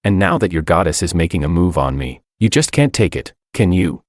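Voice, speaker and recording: A man's voice: sits low, expressive, fairly quick, a little mellow, no room sound, clean studio sound. A man voicing a boastful, crude teenage boy classmate who talks in a mocking, exaggerated tone.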